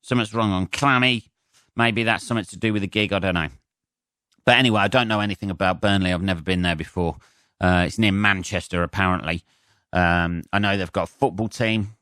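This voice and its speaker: A man's voice: deep voice, fairly even intonation, brisk, pushed and bright, no echo, studio quality. A man, a comedian hosting his own podcast, rambling sarcastically and swearing freely while stuffed up with a cold. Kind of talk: solo podcast monologue.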